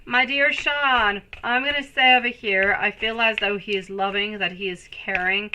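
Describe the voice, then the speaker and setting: A woman's voice: mid-range voice, steady tone, moderate pace, background noise. A woman giving a live-streamed tarot reading, talking in an affectionate, soothing way and calling her viewers pet names. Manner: soothing, reassuring. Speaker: tarot reader.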